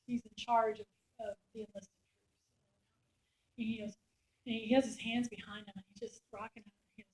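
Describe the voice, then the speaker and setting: A middle-aged woman, a war reporter, telling lively anecdotes to a class and acting out the soldiers' lines. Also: a little high, moderate pace, long pauses, highs cut off. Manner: animated anecdote-telling, acts out quoted soldiers. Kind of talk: storytelling talk. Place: lecture room. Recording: echoey room.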